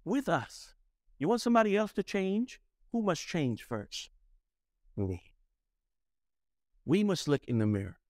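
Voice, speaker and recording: A man's voice: sits high, very animated, unhurried, long pauses, a little mellow, no room sound, studio quality. A man delivering a sermon as pastor, preaching emphatically and asking the congregation rhetorical questions.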